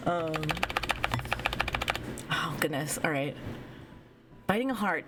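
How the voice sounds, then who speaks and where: Giddy, excitable young woman streamer. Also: sits low, slow, long pauses, noisy background. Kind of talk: casual live-stream chat and reading a visual novel.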